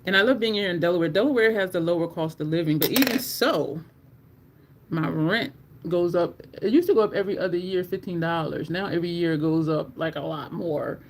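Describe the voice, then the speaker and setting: A livestream host chatting casually with viewers at home while trying out makeup, animated and talkative, calling the audience "y'all". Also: mid-range voice, brisk, a little hiss or hum.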